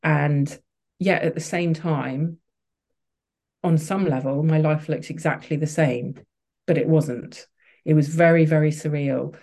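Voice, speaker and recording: Candid and emotional, a female podcast guest shares a personal story, frequently restarting and using fillers. She speaks in a low, mellow voice with fairly even intonation and a slightly slow pace.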